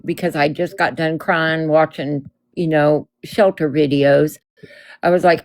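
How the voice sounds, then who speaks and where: A woman's voice: deep voice, fairly even intonation, unhurried, no echo. A married woman chatting casually, telling stories in an earnest, emotional way. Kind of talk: casual chat.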